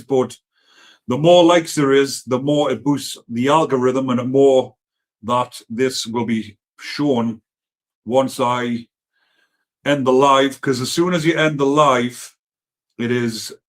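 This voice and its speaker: A man with a Geordie accent hosting a casual live stream, reading viewer comments and talking bluntly, with frequent swearing and rambling asides. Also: mid-range voice. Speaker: livestream host reading comments.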